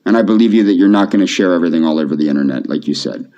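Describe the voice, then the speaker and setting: A man speaking softly to camera in a pleading, repetitive, emotionally flat way. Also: deep voice, rapid-fire. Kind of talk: pleading video monologue. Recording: dull lo-fi video audio.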